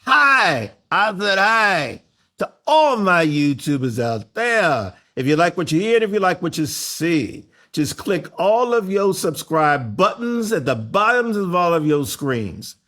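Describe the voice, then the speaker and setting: A man hosting a podcast, talking in a theatrical, playful way with booming call-outs. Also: very animated, measured pace, fairly bright tone. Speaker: podcast host. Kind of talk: flamboyant podcast intro and interview.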